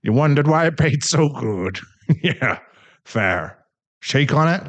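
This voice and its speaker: A man's voice: a little high, expressive, slow pace, lo-fi sound, pitched above the performer's own voice. A man voicing a sheepish werewolf father with dad jokes who rambles in an audio role-play. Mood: friendly. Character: awkward gentle werewolf dad.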